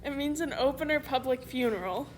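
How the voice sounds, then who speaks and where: A woman's voice: high voice, expressive, a little fast, noisy background. A woman voicing a pompous, long-winded older male con man in a storybook reading. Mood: smug. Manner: long-winded, self-pleased speechifying.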